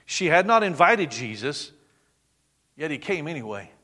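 A male preacher giving a dramatic sermon, dropping to a hush on quoted words. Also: fairly high pitch, big pitch swings, normal speed, big-room sound.

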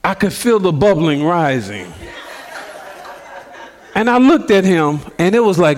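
A middle-aged man telling a story from the pulpit, bringing it to life by slipping into the voices of everyone in it. His voice sits a touch high for a man and jumps around a lot as he talks. Laughter keeps breaking into his telling. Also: animated, normal speed, some chatter behind. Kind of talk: sermon storytelling.

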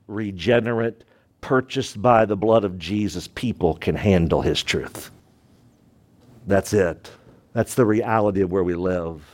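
An emphatic pastor preaches to his congregation at a medium pitch. He moves between loud and hushed delivery and puts rhetorical questions to his listeners.

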